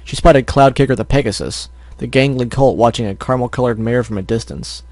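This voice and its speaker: Narrating fan fiction for an amateur audiobook, this man occasionally trips over words and fixes them. His medium-pitched voice has a darkish tone and a fairly quick pace, with no echo.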